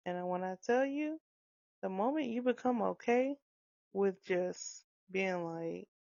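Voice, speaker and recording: A woman with a gravelly, creaky voice talks about parenting in a loose, animated monologue, often slipping into little acted-out bits of dialogue. The recording is dry and slightly dull, with no room sound around her. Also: a little high, slow, no echo. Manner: animated, acts out quoted dialogue, frequent laughs.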